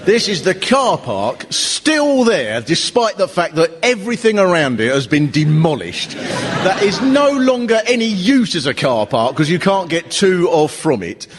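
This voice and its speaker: Guy doing stand-up, bouncy lively delivery, big echoey hall, bit of noise behind. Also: high voice, unhurried. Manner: chatty, animated observational storytelling. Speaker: stand-up comedian and host. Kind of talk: live stand-up comedy. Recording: reverberant live hall.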